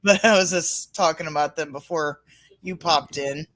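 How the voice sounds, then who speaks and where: A woman's voice: low-pitched, normal speed, fairly bright tone, no echo. A woman hosting a casual livestreamed podcast, reading out and answering chat comments. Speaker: podcast host.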